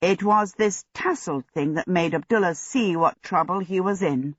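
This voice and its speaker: An audiobook narrator reading a fantasy story in a steady, measured way. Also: medium pitch, no room sound. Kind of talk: scripted narration. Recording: dull lo-fi audio.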